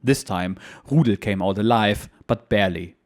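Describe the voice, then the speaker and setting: In a fairly low voice, a man reads a first-person war memoir in a steady, measured way. Between readings, he speaks as the channel's host in the same even manner.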